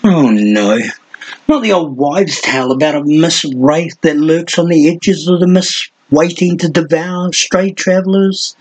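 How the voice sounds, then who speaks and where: A man's voice: on the high side, unhurried, husky, rough recording. A man reading an audiobook and voicing a lean, sardonic young male hunter with a mocking, theatrical manner. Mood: scoffing.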